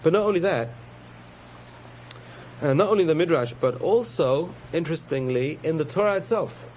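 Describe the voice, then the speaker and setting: A man's voice: a little high, animated, normal speed, darkish tone, slight background noise, rough recording. A man giving a spoken Torah lesson, telling parables with digressions and self-corrections. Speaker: rabbi teaching a class.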